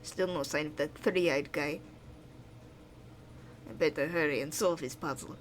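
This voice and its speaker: Young adventurer, read by a woman: lower, quiet, unhurried voice for a game playthrough. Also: slight background noise. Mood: puzzled. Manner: reading game dialogue aloud, lower and quieter than her commentary. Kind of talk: voicing game dialogue on a stream.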